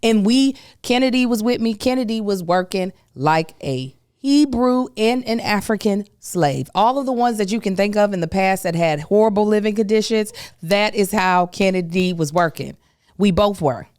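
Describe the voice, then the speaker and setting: A woman hosting a podcast, telling a story in a casual, emphatic, animated way with folksy asides. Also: medium pitch, normal speed, smooth, dry recording, clean studio sound. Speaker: podcast host.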